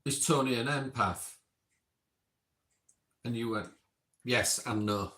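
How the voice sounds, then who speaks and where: A man's voice: mid-range voice, takes it slowly, pushed and bright. A man casually reading back timestamped notes from an experiment session, adding chatty asides. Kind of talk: casual recap reading out logged remarks. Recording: roomy echo.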